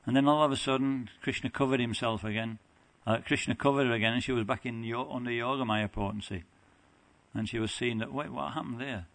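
Halting man giving a devotional lecture. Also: medium pitch, fairly even intonation, a bit bright. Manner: halting, with frequent restarts and self-corrections. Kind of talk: devotional lecture with scripture reading.

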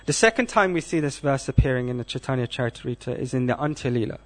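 A man giving a scripture class, speaking in a measured way and asking the audience questions. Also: medium pitch, animated, faint music behind.

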